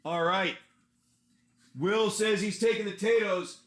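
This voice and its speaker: Casual man game master, slightly high voice. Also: takes it slowly. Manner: casual, rambling, restarts often. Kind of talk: narrating a live tabletop-style adventure.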